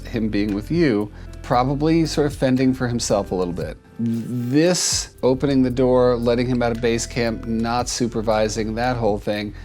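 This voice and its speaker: A man hosting an advice show, talking casually and warmly about a shy cat, often repeating and restarting words as he gets emotional. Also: medium pitch. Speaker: cat behaviorist host reviewing a viewer video. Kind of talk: casual advice talk to camera.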